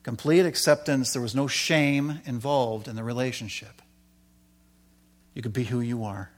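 A middle-aged man giving a sermon with a personal testimony, telling his story with animated swings from loud excitement to quiet asides. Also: unhurried. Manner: animated storytelling, rising loud when excited, dropping low for quoted asides. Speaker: preacher.

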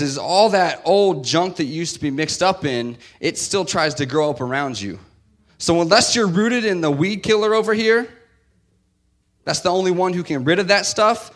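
Preacher guy, kinda high voice, chatty sermon, swings loud then quiet. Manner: conversational, acts out quoted voices, swings loud to soft.

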